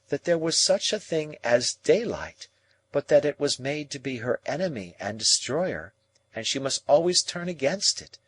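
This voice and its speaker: A man voicing a proud young woman who speaks in a calm, measured, reproachful way in an audiobook. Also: medium pitch, husky, pitched above the performer's own voice.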